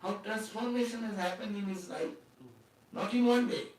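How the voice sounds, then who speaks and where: A man's voice: sits high, fairly even intonation, normal speed, darkish tone. A man giving a spiritual talk as a swami, conversational, with laughs and rhetorical questions. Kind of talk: sermon. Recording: echoey hall from far off.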